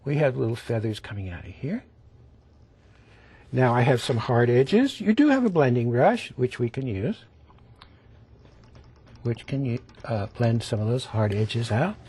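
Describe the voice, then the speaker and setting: Male painting instructor, TV lesson; unhurried, hushed and coaxing, lively pitch that drops into whispers. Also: slightly rough. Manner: gentle, often dropping to a whisper while demonstrating strokes; coaxing, keeps asking the viewer to look.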